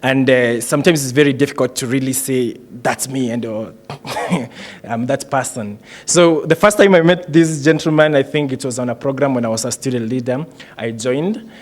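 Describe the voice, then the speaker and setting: A man's voice: medium pitch, moderate pace. A man hosting a graduation ceremony, joking and hesitant with many fillers. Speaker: ceremony host.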